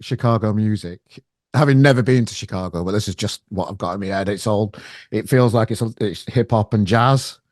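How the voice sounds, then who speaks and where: Male interviewer, low voice, dry close sound, halting casual questions. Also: a little mellow, no room sound. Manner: brief backchannel, loose questions with restarts.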